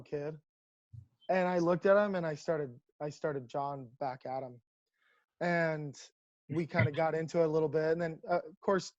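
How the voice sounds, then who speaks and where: A man, a professional baseball coach, telling stories in a casual, animated way over a video call. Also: a little high, dry recording, muffled recording. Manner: animated, lots of restarts and laughs. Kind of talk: casual storytelling.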